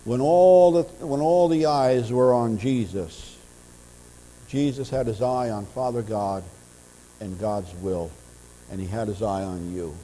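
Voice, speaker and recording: A man preaching an earnest, impassioned sermon as pastor of a church, his voice swelling louder in passionate stretches. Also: mid-range voice, measured pace. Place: church sanctuary. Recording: church audio with long reverb and mains hum.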